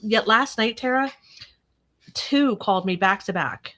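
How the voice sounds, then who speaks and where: A woman's voice: a little high, a little slow, sharp tone. A woman hosting a casual live chat, talking freely and laughing often as she tells stories. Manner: chatty, laughs often, acts out her husband's lines. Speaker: host.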